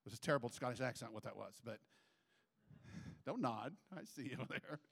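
Animated male pastor preaching. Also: fairly quick, creaky. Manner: animated, acts out quotes with sudden pitch jumps. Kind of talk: sermon. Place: church.

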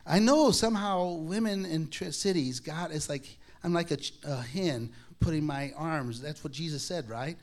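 This man, voice on the high side, speaks at normal speed with few pauses as he shares his personal testimony with a congregation, sermon-style. He's conversational and self-mocking, acting out quoted dialogue and often restarting and laughing.

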